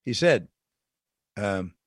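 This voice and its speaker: A man's voice: fairly low pitch, animated, very slow, no room sound, clean studio sound. A man hosting a political call-in radio show, speaking with indignant disbelief and laughing at what he reports. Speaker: radio talk show host. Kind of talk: political talk radio monologue. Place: radio studio. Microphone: studio microphone.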